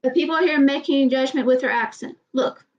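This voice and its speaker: High-pitched woman with a bit of a southern accent, rambling and blunt, muffled lo-fi audio. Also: fairly quick. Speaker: vlogger. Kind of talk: casual chat.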